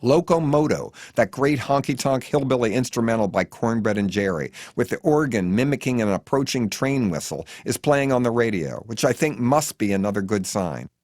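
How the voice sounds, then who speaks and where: A man's voice: medium pitch, normal speed, few pauses, no room sound, studio quality. An American man reading his own memoir as an audiobook, telling it in a wry, vivid way. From United States. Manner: wry, vivid storytelling with lively intonation. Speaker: author narrating his memoir.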